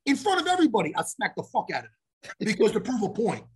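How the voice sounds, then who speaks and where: A man's voice: high voice, wildly swooping pitch, fast talker, breathy edge. A man telling a story on a podcast in a loose, profane way, acting out every exchange. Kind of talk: casual storytelling.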